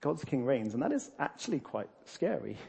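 Animated husky man preaching. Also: medium pitch, moderate pace. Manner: animated, laughing often, many restarts and fillers. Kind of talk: sermon.

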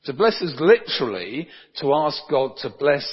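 A man's voice: on the high side, sing-song, normal speed, slight background noise. A man, a pastor, preaching a conversational sermon full of tag questions like "don't they?". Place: church. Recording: dull sound with long church reverb.

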